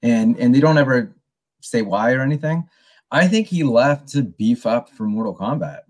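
A man's voice: medium pitch, lively intonation, normal speed, darkish tone. Rambling man chatting about movies. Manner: rambling, many restarts and "you know". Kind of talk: casual movie review chat.

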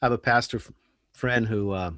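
A man with a mid-pitched voice tells stories in a casual podcast conversation. He is animated and earnest as he talks. The sound is dry and close. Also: fairly quick, dry recording. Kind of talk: casual podcast chat, storytelling.

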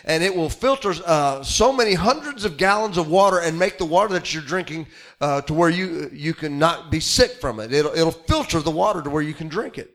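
High, bright-voiced middle-aged preacher. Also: male voice, animated, fairly quick. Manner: folksy, conversational with frequent fillers and restarts. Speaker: pastor. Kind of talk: sermon.

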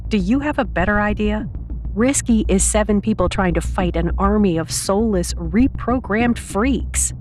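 A woman's voice: medium pitch, moderate pace, a little mellow, soft background music, voice pushed up, natural voice. A woman narrator voicing a tough, decisive young female student who speaks bluntly and urgently.

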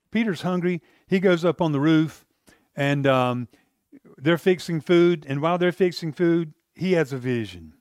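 Pastor guy preaching, kinda high voice, chatty, lots of restarts, dry close sound. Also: darkish tone, dry recording. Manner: conversational preaching with restarts, acting out quotes. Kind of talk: sermon.

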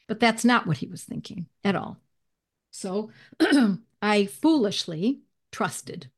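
A woman guest in an interview, telling a personal story in an animated way and clearing her throat now and then. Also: medium pitch, slow pace. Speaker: guest, homeopathy educator.

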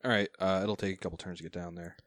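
Running a tabletop game over chat, a male game master narrates the action in an easy, chuckling manner. His voice sits slightly low and a bit bright, with fairly even intonation and a very fast pace. The recording is dry, with no room sound and no echo.

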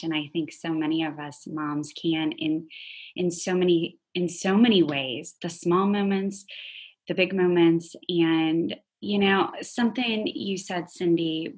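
Low, slow, husky woman host. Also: steady tone. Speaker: podcast host. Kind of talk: casual interview chat.

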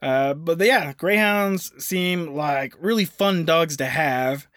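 A man co-hosting a podcast in casual chat, easygoing and halting with frequent restarts. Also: on the high side, fairly bright tone, no echo, clean studio sound. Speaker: podcast co-host.

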